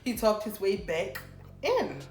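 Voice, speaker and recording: A young woman vlogger telling a casual storytime, animated and chatty, talking straight to her viewers. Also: mid-range voice, takes it slowly, soft background music. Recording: roomy room with faint background noise.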